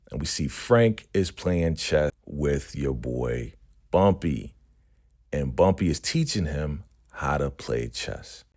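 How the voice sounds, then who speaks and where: A man's voice: very deep voice, warm tone. A man casually recapping a TV episode in loose, slangy talk, tagging lines with "right?" and "you know".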